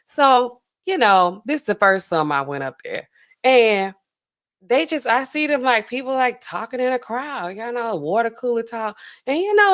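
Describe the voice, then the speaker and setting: A woman with a Southern US accent hosting a podcast, telling stories in a slangy, laughing, animated way and acting out other people's voices. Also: on the high side. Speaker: podcast host. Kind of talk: casual storytelling commentary.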